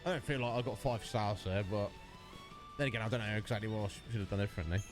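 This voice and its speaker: A man casually commenting while he plays a video game on a live stream, chatty and quick to mimic the characters. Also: fairly low pitch. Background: game music.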